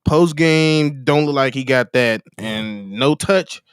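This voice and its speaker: A man's voice: medium pitch, takes it slowly, clear, resonant tone, dry recording, clean studio sound. A man from Chicago co-hosting a casual sports podcast, blunt and jokey, with a Chicago accent. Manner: animated, blunt, jokey trash talk. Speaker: podcast co-host.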